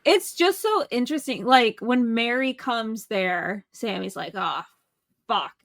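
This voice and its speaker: A woman's voice: on the high side, lively intonation, measured pace, dry recording, clean studio sound. A woman co-hosting a podcast, chatting casually and enthusiastically about a horror movie, swearing and saying "like" often. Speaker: podcast co-host.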